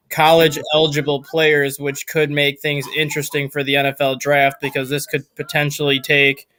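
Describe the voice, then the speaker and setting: A man's voice: medium pitch, bright, forceful tone. A man co-hosting a sports talk show, giving news in a matter-of-fact way.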